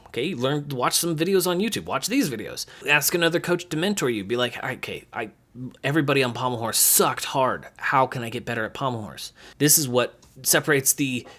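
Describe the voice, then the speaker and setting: A young man, a gymnastics coach, giving casual, animated coaching advice and acting out what he would say to athletes. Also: medium pitch. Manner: animated, acts out quoted lines, frequent laughs.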